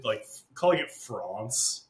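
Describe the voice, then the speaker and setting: A man co-hosting a podcast, ranting in casual chat, animated and profane. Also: a little high, normal speed, echoey room. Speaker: podcast co-host.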